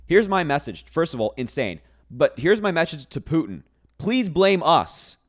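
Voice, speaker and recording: A man's voice: fairly high pitch, big pitch swings, normal speed. A man giving casual political commentary to camera, sarcastic and incredulous as he reacts to posts, breaking into laughs between points.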